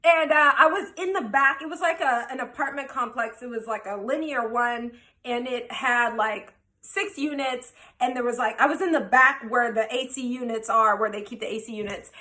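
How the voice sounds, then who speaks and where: A woman telling a wild personal story in a casual, animated, profane way, acting out what everyone said. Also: a little high, moderate pace. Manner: animated, profane, quoting herself.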